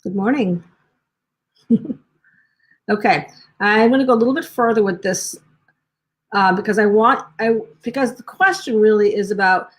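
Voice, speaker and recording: A woman coaching parents on a live stream speaks gently and medium-pitched, asking a string of questions. Mid-sentence she often stops to restart or rephrase.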